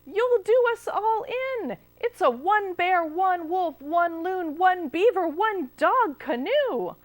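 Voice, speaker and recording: A woman's voice: very high-pitched, expressive, slow, voice pushed up, heavily acted. A woman voicing the canoe's young owner in a picture book, patiently counting off the animals in a sing-song list. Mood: exasperated. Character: firm young canoe paddler, patient but fed up.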